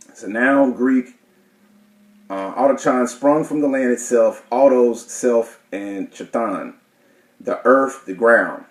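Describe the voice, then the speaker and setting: A man's voice: medium pitch, darkish tone. Man reading definitions in an echoey room. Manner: hesitant, many fillers and self-corrections. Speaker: class teacher. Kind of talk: reading and explaining legal definitions.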